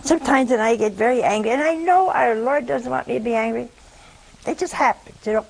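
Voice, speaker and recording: A woman's voice: a little high, a little fast, vocal fry, a little mellow, a little hiss or hum, rough recording. A woman giving a conversational Catholic religious talk, telling humorous stories and asking her listeners rhetorical questions.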